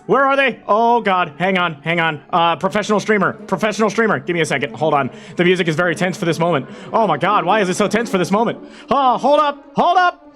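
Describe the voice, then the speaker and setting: A streamer chatting live with viewers, hyper and shouty, swearing a lot and bursting into yells. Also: medium pitch, very animated, brisk, faint music behind.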